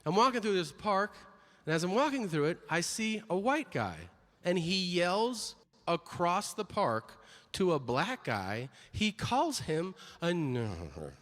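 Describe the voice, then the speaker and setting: A man doing a stand-up comedy routine on stage, animated, breaking into high-pitched voices for the people he quotes. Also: measured pace. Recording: live in a reverberant hall with audience noise. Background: audience laughter.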